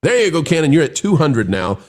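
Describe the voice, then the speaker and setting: A man hosts a live review show, his voice sitting a little high and swooping all over as he talks. He rambles, circling back and restarting his sentences as he works through his take. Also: a little fast. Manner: animated, rambling with frequent restarts.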